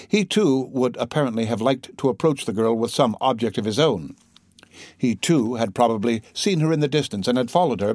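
A man narrating a classic novel in a steady, measured way, his voice sitting at an ordinary middle pitch. The recording is close and very dry, with no room sound. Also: no room sound. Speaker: audiobook narrator.

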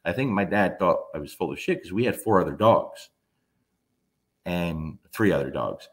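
A man's voice: low voice, lively intonation, normal speed. A man in his fifties, a dog trainer, telling a story in a blunt, emphatic way and swearing freely. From New Jersey. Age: 50s. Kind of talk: casual storytelling monologue.

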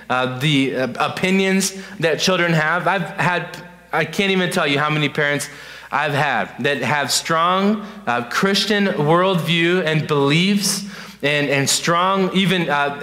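A man delivers an earnest youth pastor's talk, his voice bright and a little higher than most. He stops to repeat his points and fills gaps with "uh". The sound rings with the long reverb of a church sanctuary.

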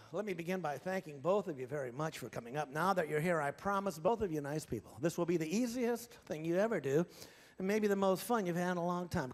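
A man hosting a ventriloquist stage show, folksy and teasing as he coaxes audience volunteers. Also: sits high. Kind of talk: live stage comedy banter. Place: large theatre stage with audience.

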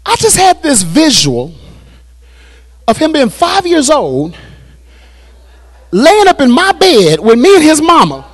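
A man preaching a sermon as pastor at a Bible study, repeating phrases and building to shouted climaxes. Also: very high-pitched, wildly swooping pitch, slow, long pauses. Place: church.

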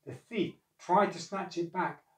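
A man narrating a storybook, measured and expressive. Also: high voice. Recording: echoey room, far from mic.

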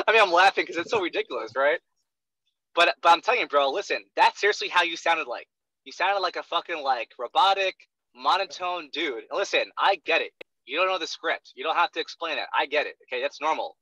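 A man's voice: a little high, lively intonation, a little fast, pushed and bright, dry recording. A young man coaching a trainee in sales, talking bluntly with lots of swearing and a constant "right?", on a dull lo-fi recording. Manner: profane, emphatic, keeps asking "right?". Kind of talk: blunt one-on-one coaching talk.

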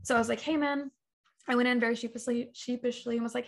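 Chatty woman telling a story, high voice. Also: fast, creaky. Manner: animated storyteller, acts out quoted dialogue, laughs often. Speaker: guest, talk show creator. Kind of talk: casual interview chat.

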